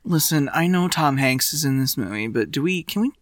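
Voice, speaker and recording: A woman co-hosting a film podcast, animated and quick to laugh. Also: low-pitched, dry recording, clean studio sound. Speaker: podcast co-host. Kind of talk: casual film-review chat.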